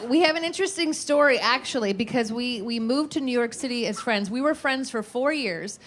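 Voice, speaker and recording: A woman's voice: a little high, lively intonation, a little fast. A woman in her thirties doing a stand-up comedy set on a club stage, brash and profane, laughing through her punchlines. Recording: live club with crowd laughter and noise. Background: audience laughter.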